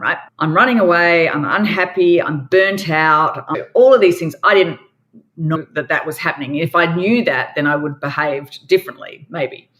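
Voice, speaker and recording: A woman's voice: low voice, fairly bright tone. An Australian woman in her forties, a guest entrepreneur telling her story in a candid, emphatic way and acting out quoted dialogue.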